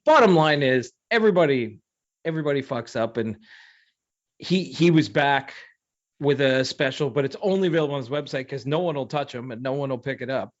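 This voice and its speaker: A man co-hosting a hockey podcast, chiming in with quick jokey asides in casual chat. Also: medium pitch. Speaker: podcast co-host. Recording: slightly dull lo-fi audio.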